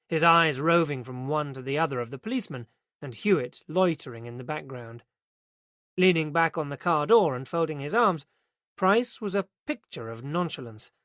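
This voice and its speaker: A man reading a crime thriller audiobook as narrator, steady and even. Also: on the high side, no room sound, clean studio sound. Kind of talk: scripted narration.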